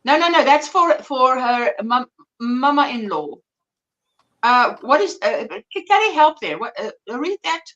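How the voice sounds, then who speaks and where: South African woman, high and bright, easy chatter as a livestream host. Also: sing-song, a little slow, muffled recording. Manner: chatty, reads out viewer comments. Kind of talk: casual chat.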